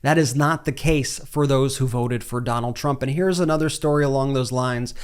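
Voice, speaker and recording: A man's voice: medium pitch, normal speed, clear, resonant tone. A man hosting a political commentary show, delivering pointed scripted commentary.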